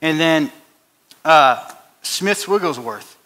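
A man's voice: a little high, expressive, takes it slowly, bright, forceful tone. A man giving an informal testimony at a church service, telling stories conversationally, often repeating words and adding "you know.". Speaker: guest speaker and musician at a church service. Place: church hall. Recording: long reverb of a church hall.

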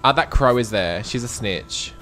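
Animated and fairly bright, a young man's medium-pitched voice runs at normal speed as he plays a video game live. His commentary is camp and sassy, full of swearing, shrieks, and laughter.

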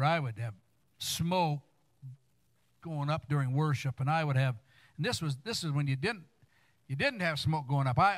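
An older man in his sixties preaches from the pulpit, his voice sitting a little high for a man. He tells family stories plainly, then climbs into fervent, emphatic exhortation with stumbling restarts. The sound is dry and close, with almost no room echo. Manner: storytelling, rising to fervent emphasis; stammering restarts. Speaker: guest preacher. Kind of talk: sermon. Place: church sanctuary.

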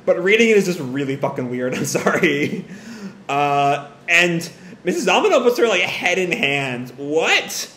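Animated, exasperated man reacting to manga. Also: a little high, normal speed. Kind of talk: live reading reaction, casual. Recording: echoey room, faint hiss.

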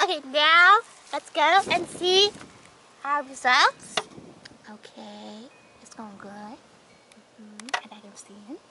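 A woman's voice: high-pitched, slow, pauses often. A woman voicing a whole group of toy characters, chattering and squealing through their banter in a playful role-play. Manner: excitable, squealing, chattering banter between figures. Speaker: toy video creator voicing all the characters. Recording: noisy home recording.

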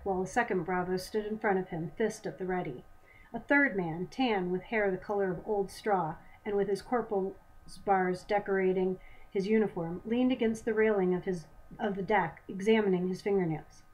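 A woman author reading her own novel aloud with measured, even narration. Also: mid-range voice, rough recording.

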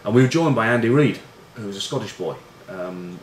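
A man's voice: lowish voice, animated, a little fast. Swearing, self-deprecating ex-rugby man. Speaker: former rugby player and pundit. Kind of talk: casual storytelling. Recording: roomy room echo with faint noise.

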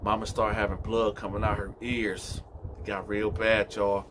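A man's voice: lowish voice, normal speed, background noise. A man telling a story casually and animatedly, speaking straight to his listeners. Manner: animated, addresses listeners directly.

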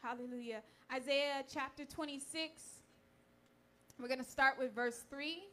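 A woman's voice: high voice, fairly even intonation. A young woman preaching at church, reading scripture aloud and thanking those in the room. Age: young adult. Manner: fervent tearful prayer, then warm measured preaching. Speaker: youth speaker at church. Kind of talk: sermon. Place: church sanctuary.

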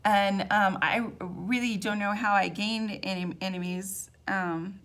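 A woman giving an earnest, casual Bible study, reading scripture aloud and reflecting in a halting way, with many fillers and restarts. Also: medium pitch, fairly even intonation, fairly bright tone. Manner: reads scripture aloud between personal reflections. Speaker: Bible teacher.

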